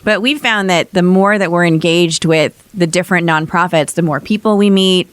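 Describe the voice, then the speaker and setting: A woman hosting a casual conversation, asking eager questions and reacting quickly. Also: lowish voice, clean tone. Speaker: podcast host.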